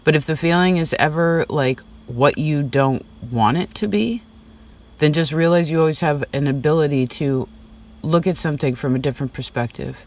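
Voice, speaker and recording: A man's voice: on the high side, normal speed. Chatty, rambling man reading tarot. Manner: rambling and chatty, full of "like" and "right?". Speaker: tarot reader. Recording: slightly distant mic.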